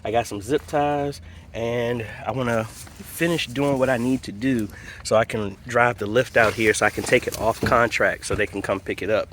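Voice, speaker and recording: Filming on a phone camera inside a church being renovated, a man doing AV installation talks casually to his audience, addresses them as folks, and explains every step of the job. His voice is medium-pitched and a bit bright, with a little hiss or hum in the recording.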